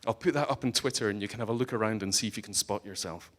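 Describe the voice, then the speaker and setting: A man's voice: on the low side, rapid-fire, a bit bright. A man with a Scottish accent giving a humorous conference talk, joking and teasing the audience bluntly. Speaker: conference speaker. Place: conference hall stage.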